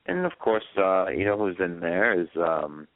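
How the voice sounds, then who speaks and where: A man's voice: low-pitched, very animated, moderate pace, dry recording. A man chatting on a radio show, telling long rambling stories full of fillers and restarts. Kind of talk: casual chat on a call-in radio show. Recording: dry phone-line audio.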